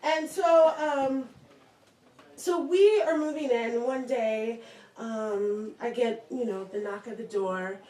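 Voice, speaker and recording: A woman's voice: a little high, takes it slowly, mellow. A young woman telling a story on stage, chatty and laughing as she goes. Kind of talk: live storytelling. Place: small bar performance room. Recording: echoey room, distant mic.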